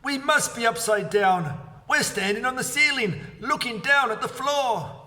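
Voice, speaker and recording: Man doing a gasping nasty old guy, high and worked up, mic distant. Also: sing-song, normal speed, sharp tone, slight background noise, exaggerated voice. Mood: flustered. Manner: gasping, flustered.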